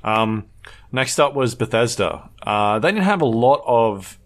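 A man's voice: medium pitch, lively intonation, measured pace, fairly bright tone. A man hosting a casual podcast chat, rambling along with many ums and uhs and light laughs. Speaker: podcast host.

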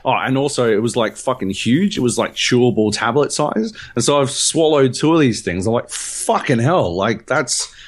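A man's voice: mid-range voice, brisk, hardly any pauses. A man co-hosting a podcast, telling a rambling, profane story full of fillers in casual chat. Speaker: podcast co-host.

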